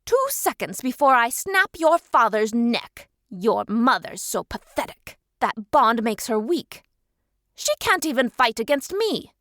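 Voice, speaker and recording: A woman narrator voicing a cruel, domineering male pack alpha with a forceful, threatening delivery. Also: fairly high pitch, big pitch swings, unhurried, no room sound, clean studio sound. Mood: menacing.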